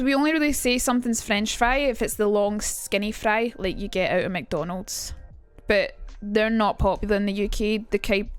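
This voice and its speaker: A woman's voice: medium pitch, clear, resonant tone. A young Scottish woman chatting on a livestream and teaching accents in a rambling, jokey way. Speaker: streamer.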